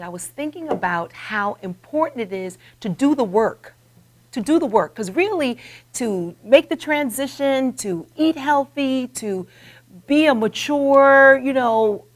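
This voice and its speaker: A woman in her forties hosting a web talk show, telling a motivational story in an animated, dramatic way. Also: fairly high pitch. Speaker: host.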